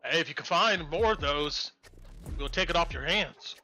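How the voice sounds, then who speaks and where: A man's voice: on the high side, moderate pace, sharp tone, soft background music. A man voicing a scruffy, laid-back male dealer who speaks in easy slang. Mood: casual. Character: scruffy male dealer leading a ragged crew, easygoing.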